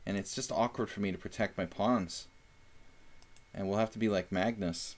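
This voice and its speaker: Low-voiced chatty man streaming chess. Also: fairly even intonation, normal speed. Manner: chatty, thinks aloud with fillers. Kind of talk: casual live-stream commentary.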